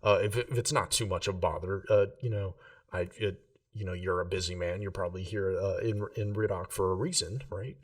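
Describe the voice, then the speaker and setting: A man's voice: low-pitched, steady tone, brisk, far from the mic, natural voice. A man voicing a nervous, starstruck young man who stammers and apologizes. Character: nervous young male fan of wizards.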